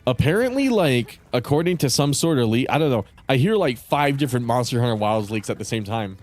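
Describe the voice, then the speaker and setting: A young man chatting over his gameplay in a loose, rambling way, swearing often and trailing off mid-sentence. His voice sits at an everyday middle pitch. Faint game music plays softly behind him. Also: animated, a little fast. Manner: rambling, profane, laid-back. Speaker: streamer. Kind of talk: casual gaming commentary.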